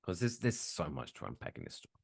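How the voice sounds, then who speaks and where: A man's voice: deep voice, big pitch swings, fast, vocal fry, no room sound, studio quality. A man co-hosting a podcast in casual chat, ranting with plenty of swearing. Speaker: podcast co-host.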